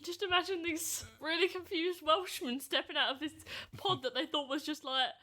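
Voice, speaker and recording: Female podcast co-host, bright, slightly high voice, chatty and giggly. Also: steady tone, normal speed. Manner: chatty, laughs often. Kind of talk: casual chat.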